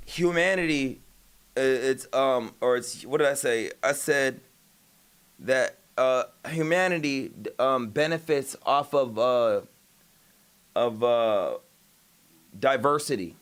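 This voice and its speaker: A man's voice: mid-range voice, clean tone. A young man on a casual livestream, retelling an argument in a rambling, profane way, with many restarts and admitting he stutters sometimes. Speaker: streamer.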